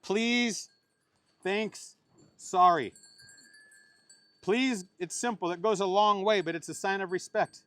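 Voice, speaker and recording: A man's voice: sits high, steady tone, slow pace, pauses often, a bit bright. Middle-aged man officiating with jokes. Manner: joking, playful asides between heartfelt advice. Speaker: wedding officiant, uncle of the bride. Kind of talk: wedding ceremony speech.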